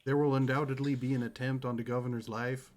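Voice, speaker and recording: A man's voice: medium pitch, flat delivery, fast talker, darkish tone. A man taking part as a player in a tabletop role-playing game, talking casually and nonchalantly. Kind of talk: tabletop role-play chat.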